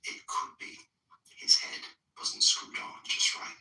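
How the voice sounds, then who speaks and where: A man chatting casually, then reading a bedtime story aloud in a hushed, playful half-whisper. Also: slow pace. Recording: roomy, from a distance, faint music behind.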